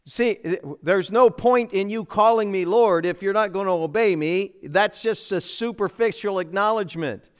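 High, resonant male preacher. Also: normal speed, few pauses, clean tone. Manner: emphatic preaching with rhetorical questions to the congregation. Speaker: pastor. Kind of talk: sermon. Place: church sanctuary.

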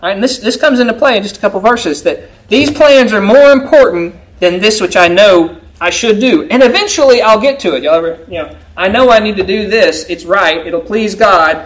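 A man's voice: sits high, brisk, hardly any pauses, poor audio. A man preaching a sermon to a congregation in a conversational style, often checking in with them by asking "right?". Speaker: pastor.

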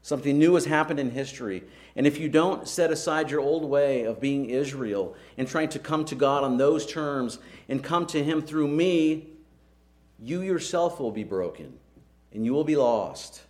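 A man's voice: a little high, moderate pace, a little mellow. A man preaching a sermon in an earnest, emphatic way, with frequent rhetorical questions to the congregation.

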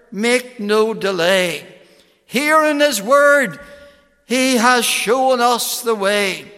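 A man's voice: very high-pitched, sharp tone. A man preaching an evangelistic sermon, pleading emphatically with phrases that rise and fall. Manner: slow, emphatic pleading with soaring and falling phrases. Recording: long hall reverb.

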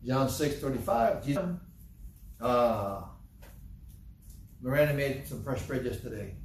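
A man's voice: medium pitch, a little slow, recorded from a distance, slight background noise. A man preaching a sermon, emphatic and repetitive, firing rhetorical questions and reading scripture aloud. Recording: echoey room, voice from off-mic.

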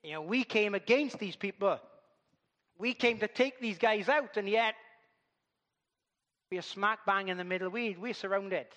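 A man's voice: high voice, measured pace, long pauses, fairly bright tone, big-room sound. A man voicing dismayed enemy soldiers who find they are surrounded.

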